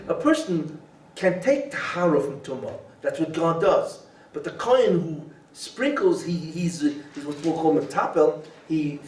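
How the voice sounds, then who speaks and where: Teaching Torah with animation, a rabbi keeps posing questions and then answering them himself. His voice is a little high. The recording puts him at a distance in an echoey room, with faint hiss.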